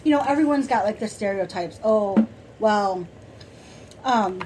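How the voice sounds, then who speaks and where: A woman co-hosting a podcast, chatting casually in a soft, rambling way with many fillers and restarts. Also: mid-range voice, unhurried, a little hiss or hum, rough recording. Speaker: podcast co-host. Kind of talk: casual chat.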